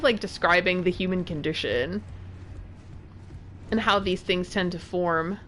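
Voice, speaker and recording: A woman's voice: lowish voice, a little slow, long pauses, a bit bright, faint music behind. A woman streamer chatting casually while playing a video game at home and talking to her cat. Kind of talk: casual gameplay commentary. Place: home room.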